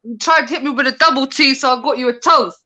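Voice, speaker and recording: A woman taking part as a contestant in an online quiz over a video call, casual and quick, laughing as she talks. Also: sits high, very noisy.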